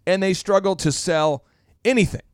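A man hosting a business talk radio show as a coach, speaking in an animated way and repeating phrases for emphasis. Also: sits high, moderate pace, clear, resonant tone, no echo, studio quality.

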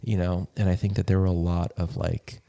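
A man's voice: low voice, flat delivery, a little fast, gravelly, mellow. A man co-hosting a casual movie podcast, an educator talking things through in a thoughtful, reflective way. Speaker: podcast co-host.

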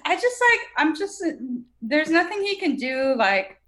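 Giggly young woman on a podcast, kinda high voice, offbeat rambling. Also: very animated, unhurried, fairly bright tone. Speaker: podcast co-host. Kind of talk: casual comedic chat.

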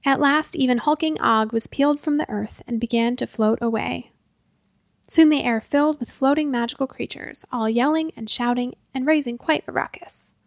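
A woman reads a storybook aloud in an expressive, measured way. Her voice sits fairly high. The recording is close and dry. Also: no echo. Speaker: narrator. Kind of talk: storybook narration.

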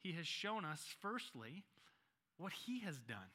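A male pastor delivers a sermon in a bright, forceful voice pitched a touch above most men's. He reads scripture slowly and deliberately, then leans on key phrases and repeats them for emphasis. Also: sing-song.

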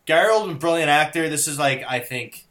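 A man's voice: fairly high pitch, fairly quick, pushed and bright. A young man co-hosting a casual chat, rambling with lots of fillers and restarts. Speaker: podcast co-host.

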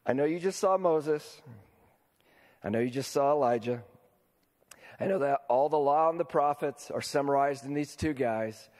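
A man's voice: a little high, moderate pace, long pauses, a little mellow, in a large hall. A man preaching a sermon as pastor, talking casually and often checking in with his listeners by asking them questions. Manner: conversational, asks the congregation questions.

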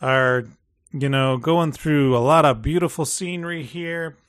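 A man's voice: a little high, unhurried, fairly bright tone, dry recording, clean studio sound. A man hosting a podcast, chatting casually and jokingly as he rambles through a review. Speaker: podcast host reviewing a show. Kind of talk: casual chat.

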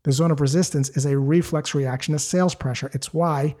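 Man, sales coach, scripted lesson, slightly high pitch, soft mellow tone, steady explaining. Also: brisk. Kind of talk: scripted instructional talk.

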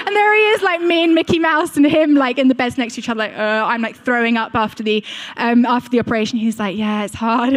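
A woman's voice: on the high side, fairly even intonation, fairly quick. A young woman preaching a sermon, telling a personal story in a chatty way, with frequent fillers and asides to the congregation.

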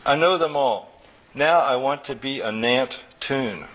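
A man's voice: medium pitch, a little slow, a bit bright, dull audio. A man reading aloud, voicing a stubborn young boy obsessed with computer code. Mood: insistent.

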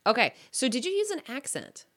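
A woman's voice: sits high, brisk. A young woman co-hosting a casual podcast, asking pointed follow-up questions. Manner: probing, expressive questioner.

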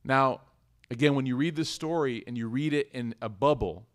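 A man's voice: mid-range voice, moderate pace. Earnest male Islamic lecturer. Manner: earnest, emotional, acts out quotes, recites Arabic verses. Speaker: Islamic teacher. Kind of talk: religious lecture with storytelling.

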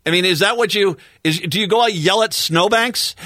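Male talk radio host, sarcastic and exasperated, bright lively voice, dry studio sound. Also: high-pitched, normal speed, dry recording. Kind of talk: political commentary monologue.

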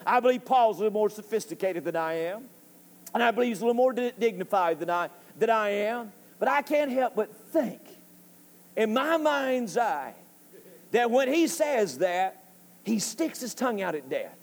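High-voiced preacher in a reverberant church. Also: male voice, animated, moderate pace. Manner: impassioned, rising to shouts at climaxes. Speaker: pastor. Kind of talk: sermon. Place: church sanctuary.

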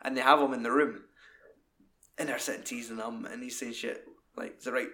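Sweary man chatting about a film. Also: normal speed. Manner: sweary, animated, acts out film scenes in high put-on voices. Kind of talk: casual film chat.

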